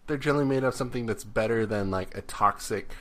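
A man co-hosting a comedy podcast, throwing in dry, quick quips. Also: mid-range voice, slight background noise. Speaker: podcast co-host.

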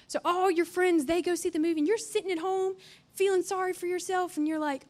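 A woman's voice: very high voice, fairly quick. A young woman giving a chatty, earnest youth-camp sermon with playful asides.

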